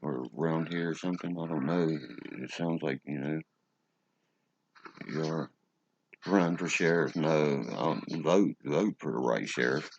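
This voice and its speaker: A man's voice: a bass voice, measured pace, muffled recording, slight background noise. A man with a West Virginia accent hosting a livestream, ranting profanely and answering chat. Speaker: livestream host. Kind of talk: casual livestream chat, reading the chat.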